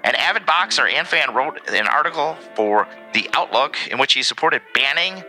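A man's voice: a little high, moderate pace, faint music behind, poor audio. A man co-hosting a casual podcast, reading a history segment with joking asides. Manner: animated, reads facts with joking asides. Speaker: podcast co-host.

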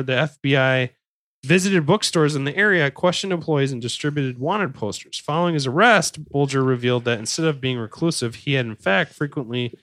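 A young adult man hosting a podcast, telling a crime story in a relaxed, jokey way and correcting himself as he goes. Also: mid-range voice, no echo. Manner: relaxed, swearing, jokey asides, self-correcting. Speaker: podcast host. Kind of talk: casual true-crime storytelling.

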